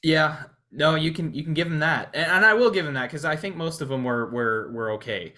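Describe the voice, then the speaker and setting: A man co-hosting a podcast, talking through a film in a casual way, pausing often with fillers and restarts. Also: fairly high pitch, bright, forceful tone. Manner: hesitant, many restarts and fillers. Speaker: podcast co-host.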